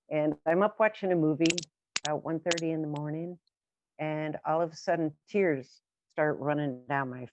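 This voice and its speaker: A woman's voice: low-pitched, darkish tone, dry recording. A woman guest speaker sharing personal stories in an earnest, conversational way, with many fillers. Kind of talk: personal storytelling. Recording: dry, dull lo-fi sound.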